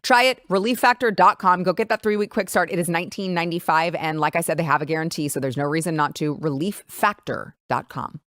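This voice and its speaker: A woman's voice: on the low side, fast, hardly any pauses, fairly bright tone, no room sound, clean studio sound. A woman hosting a political talk show, talking casually with emphatic, sarcastic remarks. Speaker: host.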